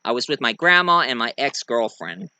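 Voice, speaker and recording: A young man rambles through a casual movie review, flaring up excitedly now and then. His pitch swings widely, and his tone is very bright. The sound is close and dry. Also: normal speed, smooth, no room sound.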